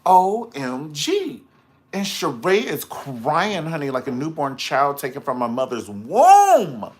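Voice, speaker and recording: Man, live-stream gossip reviewer: sassy, theatrical, very expressive pitch, chats with the audience between takes. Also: a little slow. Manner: sassy, dramatic and gossipy, full of slang asides; chats with viewers in the live comments. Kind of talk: casual live-stream commentary.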